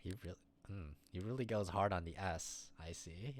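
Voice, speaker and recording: Man, very deep voice, casual streamer chatter, joking, rambling. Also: moderate pace. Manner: joking, rambling running commentary. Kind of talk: casual live-stream chat.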